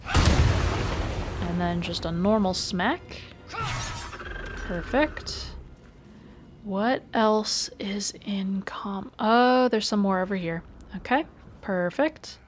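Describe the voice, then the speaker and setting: Woman, let's play host, slow pace, quiet muttering, frustrated asides, faint music. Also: mid-range voice. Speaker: gaming video host.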